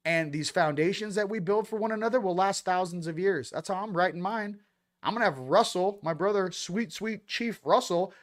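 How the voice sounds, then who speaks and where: A man hosting a casual spiritual talk show, ranting animatedly, swinging between loud bursts and low, intense passages, with playful sound effects and mock voices. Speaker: host.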